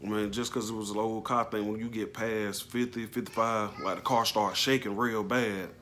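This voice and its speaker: Man, low-pitched voice, casual storytelling, halting, slangy, emotional. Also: steady tone, fairly bright tone, slight background noise. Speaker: vlogger telling a personal story.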